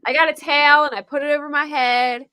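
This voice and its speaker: A woman's voice: high voice, steady tone, fast talker, bright, forceful tone, a little hiss or hum. Chatty Philadelphia woman telling a story. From Pennsylvania. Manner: chatty and rambling, laughs often, says "like" a lot. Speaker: panelist. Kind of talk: casual storytelling on a live panel.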